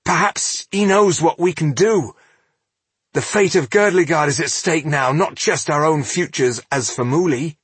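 An earnest young male apprentice mage who pleads his case urgently in a lifted, husky voice, as a narrator plays him. The reading sounds dry and close. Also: a little high, unhurried, a bit bright, no room sound, pitched above the performer's own voice. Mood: urging.

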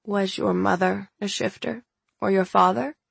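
A woman reading the lines of a kindly grandmother over sixty, welcoming and gently asking questions. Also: medium pitch, fairly even intonation, unhurried, creaky, breathy edge, no room sound, exaggerated voice. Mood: gentle.

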